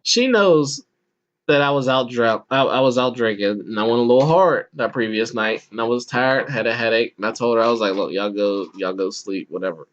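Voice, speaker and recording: A man in his thirties rambles through a funny personal story in casual podcast chat, stumbling over restarts and breaking into laughs. His voice sits at an ordinary middle pitch. The audio is muffled and lo-fi. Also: brisk, fairly bright tone. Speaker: podcast host.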